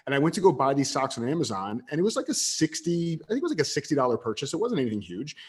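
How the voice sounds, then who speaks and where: A man in his thirties, a podcast guest telling a story from his past in an animated way, with quick bursts of louder talk and stammered restarts. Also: medium pitch, breathy edge. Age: 30s. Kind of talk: casual storytelling interview.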